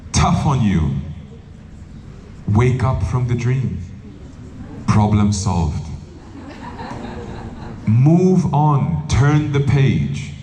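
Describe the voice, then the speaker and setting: Animated monk telling funny stories. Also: male voice, mid-range voice, a little hiss or hum. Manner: humorous storytelling, acting out quotes. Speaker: monk and spiritual teacher. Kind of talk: satsang talk with anecdotes. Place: live event hall. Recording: roomy echo, faint background ambience.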